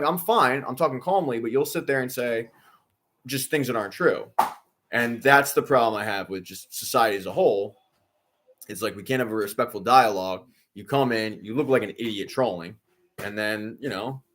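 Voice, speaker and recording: Low-voiced male streamer ranting calmly. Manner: insists he is calm, repeats himself, sarcastic. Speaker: watch-along streamer. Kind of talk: live stream rant at a chat troll.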